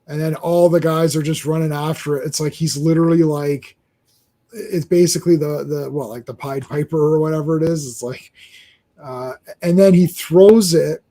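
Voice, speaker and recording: Excitable high-voiced male podcast host. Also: moderate pace. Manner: excitable, trailing restarts, laughs often. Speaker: comic book podcast host. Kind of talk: casual chat.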